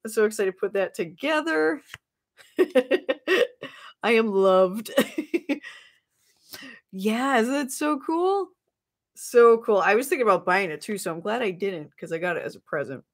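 Bubbly, animated woman streamer. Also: medium pitch, brisk. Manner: bubbly, greets chatters, frequent laughs. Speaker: streamer opening trading cards. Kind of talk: live stream chat.

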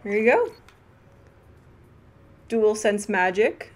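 A young woman chats casually through a gaming live stream in a fairly high voice, bubbly and quick to giggle. She reads chat messages aloud and reacts with excited little exclamations. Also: faint music behind. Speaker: livestream host.

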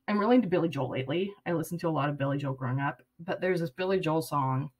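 A woman's voice: low voice, fast, a little mellow, husky. A woman in her late thirties, talking to the camera in a personal vlog, rambling and earnest and close to tears. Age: 30s. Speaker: vlogger.

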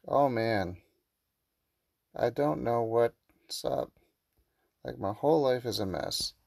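A man's voice: medium pitch, slow, gravelly, darkish tone, no echo, studio quality. A man hosting a gaming channel, commenting as he plays a mobile game and reading the chat messages aloud. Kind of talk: let's play commentary.

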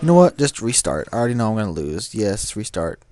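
A man's voice: on the low side, very animated, fast talker, darkish tone. A young man commenting on his own racing game play, swearing and grumbling at the cars as he drives. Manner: frustrated, swearing, talking to the game. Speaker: gameplay commentator. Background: game music and car sounds.

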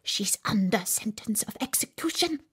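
Jittery storybook rabbit, breathy and hushed, pitch jumping around, done by a woman. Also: expressive, unhurried. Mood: nervous, hushed. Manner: hushed, nervous, whispering. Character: timid anxious male rabbit.

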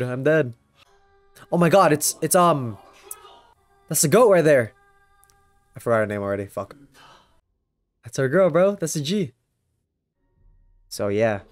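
A young man hosting a casual anime reaction, slangy and swearing, with sudden excited yelps. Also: medium pitch.

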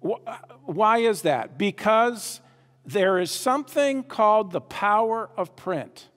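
High-voiced emphatic man preaching in a reverberant hall. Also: expressive, slow, fairly bright tone. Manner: emphatic, repeats himself, asks the audience questions. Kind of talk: sermon.

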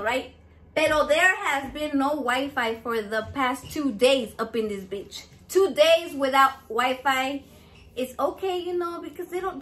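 Brash high-voiced woman vlogger. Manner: brash, foul-mouthed, animated, mixes Spanish into English. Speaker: cooking vlog host. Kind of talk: casual profane chat to camera. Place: home.

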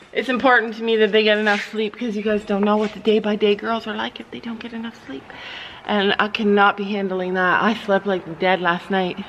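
A woman's voice: mid-range voice, a bit bright, highs cut off, a little hiss or hum. A middle-aged woman from Canada, chatting casually to her camera in a barn on her family farm, laughing often and cooing at her dogs. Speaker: vlogger, mother running a family farm channel. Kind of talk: casual vlog chat.

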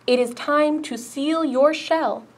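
A woman voicing a sleepy, gently grumbling female bear in a children's picture book read-aloud. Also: high voice, slow pace, pitched above the performer's own voice.

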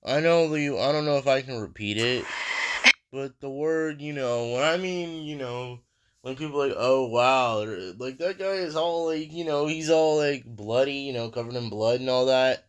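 Brief: male reaction host, smooth resonant voice, casual rambling commentary. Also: mid-range voice, moderate pace. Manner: rambling, musing aloud with many fillers.

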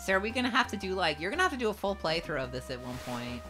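A woman co-hosting a casual retro gaming stream, excitable, reading chat aloud and swearing now and then. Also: fairly low pitch, rapid-fire, music in the background. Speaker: streamer co-host.

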